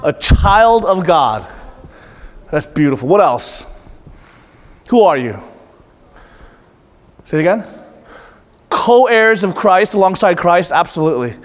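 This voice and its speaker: A man with a slightly high voice preaches a lively, interactive sermon. He keeps asking the room for answers and repeats them back with emphasis. His voice rings out with a long echo, as if in a large church hall. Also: slow, long pauses. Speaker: pastor.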